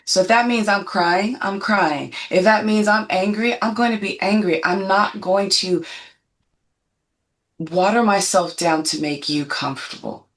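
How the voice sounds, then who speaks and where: A woman's voice: medium pitch, a little slow. A woman in her fifties, a guest on a panel chat, telling stories in an emphatic, self-assured way. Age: 50s.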